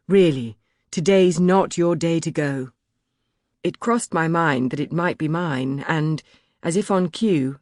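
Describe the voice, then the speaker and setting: A woman narrating an audiobook in the first person, dramatic and building to loud shouts in the dialogue. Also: low voice, no room sound, studio quality.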